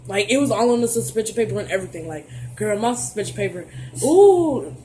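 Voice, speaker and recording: A young adult woman telling a storytime vlog in an animated, profane, sassy way, talking straight to her viewers. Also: medium pitch, brisk, a little hiss or hum. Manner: playful, addresses viewers directly. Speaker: vlogger.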